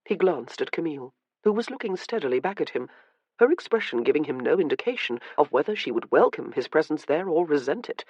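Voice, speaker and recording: A woman narrating a historical romance audiobook with measured, even scripted narration. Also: low voice, no echo, dull audio.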